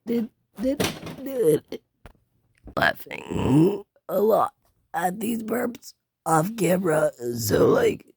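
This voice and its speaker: A woman's voice: medium pitch, animated, extremely slow, creaky, long pauses, a little mellow, breathy edge, dry recording, clean studio sound. A woman talking to camera in a rambling, playful burping vlog, drifting into sing-song bits. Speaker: vlogger.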